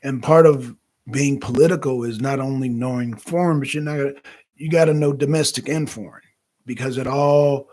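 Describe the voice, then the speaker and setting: A man hosting a talk show, giving casual, animated political commentary that rambles and repeats itself. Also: medium pitch, moderate pace.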